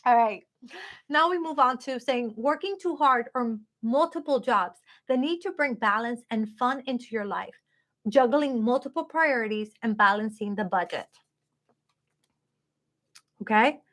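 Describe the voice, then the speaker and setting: Woman, high voice, tarot reader, live stream, chatty, upbeat. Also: moderate pace. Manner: chatty, upbeat, addresses viewers directly.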